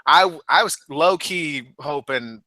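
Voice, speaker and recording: Bright, joking man on a podcast. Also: a little high, takes it slowly, no room sound. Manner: joking, profane, quotes people in silly voices. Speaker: podcast co-host. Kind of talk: casual chat.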